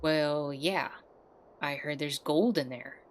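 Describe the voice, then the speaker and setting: A woman voicing an easygoing, gold-loving sloth who talks in a relaxed, hesitant way. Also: low-pitched, slow pace. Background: guitar music.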